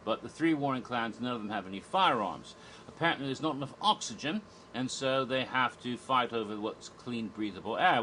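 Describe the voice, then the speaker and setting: A man reviewing in a casual, rambling way, his voice bright and forward with a sharp edge. He talks like a friend catching up, full of restarts and small laughs. His pitch sits in an ordinary middle range. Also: brisk, slight background noise, low-quality recording. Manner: chatty, rambling, with restarts and chuckles. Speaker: theme park reviewer.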